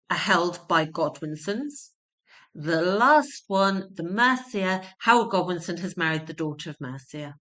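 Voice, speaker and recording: A woman's voice: lowish voice, a bit bright. A woman teaching a history lesson, explaining terms simply and repeating key points for emphasis.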